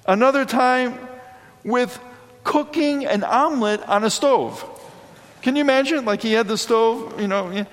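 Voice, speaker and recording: Guy preaching sunday sermon, chatty and animated, lots of asides, echoey church. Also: very high voice, measured pace. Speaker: priest.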